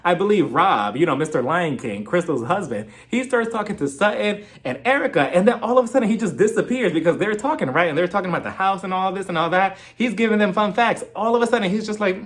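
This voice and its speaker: Sassy guy recapping reality tv, high voice that swoops around, laughing a lot. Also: animated, quick pace, few pauses. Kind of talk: casual review vlog.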